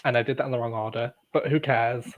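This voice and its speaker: A playful, flamboyant man introducing himself on a podcast panel, his voice in an ordinary middle pitch. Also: steady tone, fast, phone-quality sound. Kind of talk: casual panel chat.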